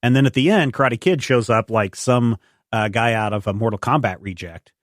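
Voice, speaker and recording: A man's voice: medium pitch, fairly quick, no room sound, clean studio sound. A man co-hosting a podcast, casually and jokingly recapping a comic book plot. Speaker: podcast co-host.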